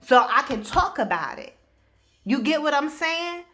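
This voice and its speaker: A woman's voice: high-pitched, sing-song, unhurried, a bit bright, a little hiss or hum. A woman speaking as a spiritual life coach, giving a casual motivational talk in a blunt, emphatic way, addressing the listener directly.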